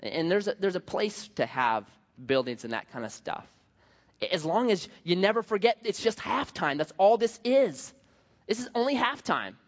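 A man's voice: high-pitched, very animated, normal speed. A man preaching a sermon in a conversational, jokey way, often restarting his sentences. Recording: dull sound with long hall reverb.

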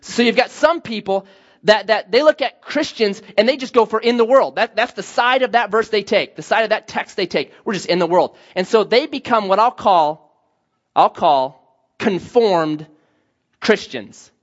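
A man preaching a sermon as a pastor, telling stories with lively acted-out dialogue. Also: sits high, normal speed. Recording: dull lo-fi sound.

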